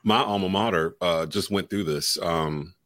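Deep-voiced man from North Carolina, dry mic. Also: measured pace, dry recording. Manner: relaxed, with frequent "uh" and "um". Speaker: sports radio host and play-by-play caller. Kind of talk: casual podcast chat.

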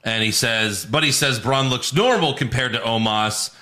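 A man hosting a wrestling podcast, casually recapping matches and mimicking wrestlers with loud mocking shouts. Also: mid-range voice, moderate pace. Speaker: podcast host.

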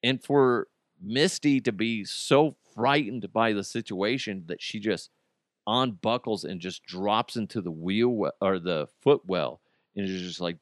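A man's voice: on the low side, unhurried, no room sound, clean studio sound. A man hosting a podcast, telling a story in a loose, conversational way with fillers and restarts. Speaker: podcast host. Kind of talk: casual storytelling.

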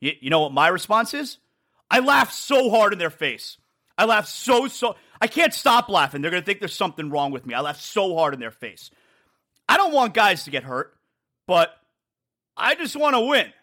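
A man's voice: sits high, very animated, normal speed, bright, forceful tone. A man hosting a sports talk show, talking emphatically and repeating himself for effect. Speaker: sports radio host. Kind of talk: solo sports talk monologue.

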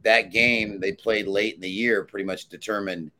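A man's voice: on the low side, fairly even intonation, moderate pace, sharp tone, a little hiss or hum. A man who handicaps sports bets, giving firm, assured picks on a sports talk panel. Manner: assured, emphatic pick-maker.

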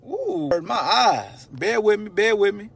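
A man hosting his own sports podcast in a loud, animated, slangy monologue, swearing freely and shouting for emphasis. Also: sits high, measured pace, creaky, slightly rough, no room sound. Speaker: podcast host. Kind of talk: casual sports talk monologue.

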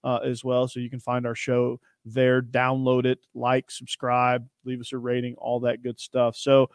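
A man's voice: mid-range voice, monotone, unhurried, few pauses, clear, resonant tone, no echo, studio quality. A man hosting a sports podcast, chatting and telling stories in an upbeat way. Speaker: podcast host. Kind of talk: casual sports podcast chat.

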